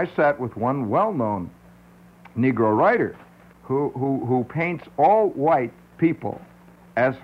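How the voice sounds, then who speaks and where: A male radio host talks in a wry, rambling monologue, breaking into his own laughter and mimicking others. His intonation swoops up and down, and the audio is dull and muffled, like an old broadcast. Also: mid-range voice. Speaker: radio talk show host.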